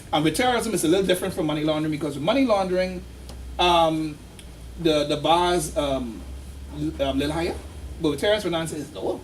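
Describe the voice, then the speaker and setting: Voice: mid-range voice, slight background noise. An instructor giving a casual, story-driven classroom lecture and quizzing the students. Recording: distant classroom recording with faint ambience.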